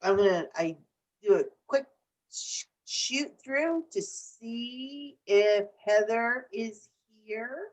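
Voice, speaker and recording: A woman hosting a video call, taking questions from viewers in an unhurried way. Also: fairly high pitch, lively intonation. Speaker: host. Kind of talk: casual chat. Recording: distant video call audio.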